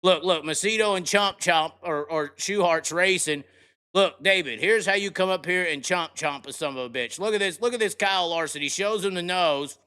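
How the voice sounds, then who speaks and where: A man's voice: high voice, normal speed, smooth. A man hosting a live racing talk show, ranting brashly and cursing as he breaks down results. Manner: brash, profane, excitable rants. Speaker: podcast host. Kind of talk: casual live show commentary.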